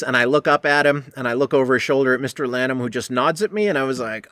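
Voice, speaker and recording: A man's voice: mid-range voice, fairly quick, fairly bright tone, dry recording. A man hosting a podcast who tells a rambling, profane story from behind the bar and acts out the people in it. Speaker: podcast host and bartender. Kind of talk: casual storytelling monologue.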